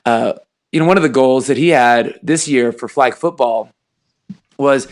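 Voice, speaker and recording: A man in his thirties, a podcast host and high school football coach, chatting casually and acting out dialogue as he tells stories. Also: a little slow. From Texas. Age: 30s. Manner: storytelling, acts out dialogue, laughs while telling.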